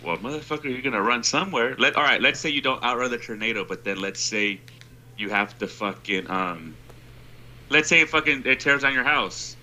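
A man in casual chat with a friend, joking and swearing in quick banter. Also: medium pitch, pushed and bright. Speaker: friend in conversation.

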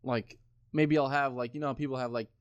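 A man's voice: medium pitch, fairly even intonation, brisk, clean tone, dry recording, dull audio. A man in his twenties talking casually, rambling with lots of swearing and filler words. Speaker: podcast co-host. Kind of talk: casual chat.

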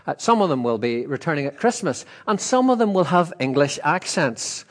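A man's voice: a little high, very animated, normal speed. A man preaching a sermon in a conversational, emphatic way with asides. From Northern Ireland. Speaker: pastor.

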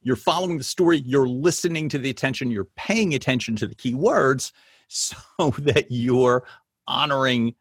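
A man's voice: mid-range voice, moderate pace, slightly rough, no echo, studio quality. A man hosting an interview, talking in an enthusiastic, rambling and affirming way. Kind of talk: conversational interview.

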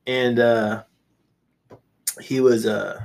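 A man's voice: medium pitch, flat delivery, drawn-out words, vocal fry, darkish tone. A man guest-hosting a podcast, telling rambling, profane anecdotes in casual chat, with restarts and laughter.

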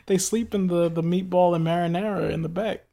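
A man's voice: high-pitched, fairly even intonation, moderate pace, gravelly, warm tone. A man from New York in casual chat, telling loose jokey stories with plenty of fillers. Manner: laid-back, joking, loose storytelling with fillers.

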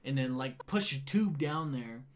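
A man's voice: medium pitch, a little slow, a crowd in the background. Profane man retelling a wild night. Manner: profane, animated retelling with quoted dialogue. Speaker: storyteller. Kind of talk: casual storytelling chat.

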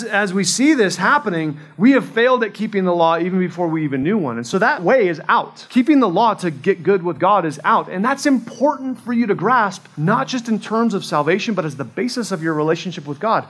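A man in his forties with a notably high voice preaches a sermon in a conversational way. He is earnest and often restarts his phrases mid-sentence, as if working through them aloud. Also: a bit bright. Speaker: pastor.

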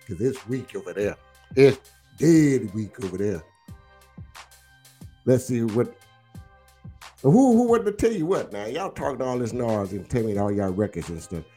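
A man hosts a casual livestream, talking football smack with viewers in an animated, teasing drawl and repeating himself. His voice is medium-pitched with a breathy edge.

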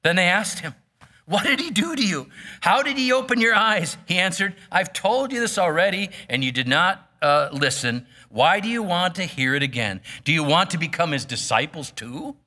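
A man's voice: high-pitched, big pitch swings, moderate pace, sharp tone. A man preaching a sermon, reading scripture aloud and then explaining it in a plain, casual way with frequent fillers. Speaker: pastor.

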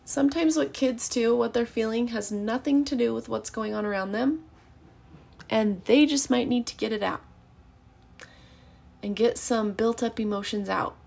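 Parenting coach, woman, 30s, encouraging and earnest, a touch of vocal fry. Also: on the high side, moderate pace. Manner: earnest and encouraging, acts out calm parent phrases. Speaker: parenting educator. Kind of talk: casual teaching monologue.

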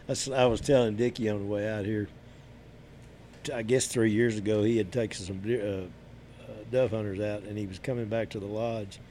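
A man, a podcast guest, telling a story in a casual, halting way. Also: lowish voice, fairly even intonation, dark tone, a little hiss or hum.

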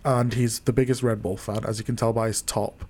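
A man hosting a casual chat podcast, chatty and quick to laugh as he keeps the talk moving. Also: mid-range voice, flat delivery, a little mellow. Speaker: podcast host.

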